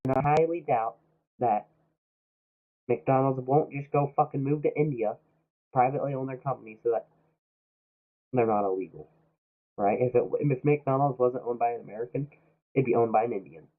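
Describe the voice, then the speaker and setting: A man's voice: medium pitch, normal speed, long pauses. A young man streaming while sick, ranting heatedly about politics and swearing constantly. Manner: heated, swearing, mock-quoting others. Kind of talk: profane political rant while streaming a game. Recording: tinny, phone-like lo-fi audio.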